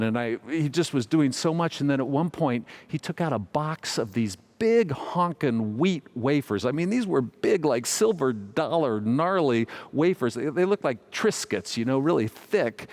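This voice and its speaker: Pastor telling a funny sermon story. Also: male voice, mid-range voice. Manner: warm humorous storytelling, gentle self-mockery.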